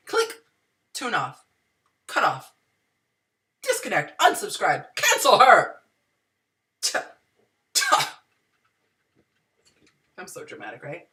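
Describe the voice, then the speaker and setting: A woman's voice: very animated, slow pace, gravelly, pauses often, sharp tone, distant mic. A young adult woman hosting a dating and relationship advice show, talking to viewers in a dramatic, sassy way and acting out what people say. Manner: dramatic, sassy, acts out quotes with big pitch swings. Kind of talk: animated monologue to viewers.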